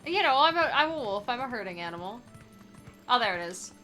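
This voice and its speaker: A young woman talks over her gameplay in a bright, slightly high voice, unhurried and rambling with plenty of "like" as she goes. Her tone is playful and casual, with faint game music under her voice. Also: sing-song. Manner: playful, rambling, lots of filler "like". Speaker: streamer playing a randomized adventure game.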